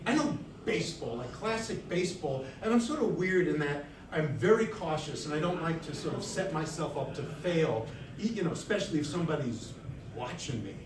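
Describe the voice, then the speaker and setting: A middle-aged man telling a comic personal story on stage, wry and animated, with the audience laughing. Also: fairly high pitch, brisk, background noise. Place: stage before a live audience. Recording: echoey room, distant mic, audience.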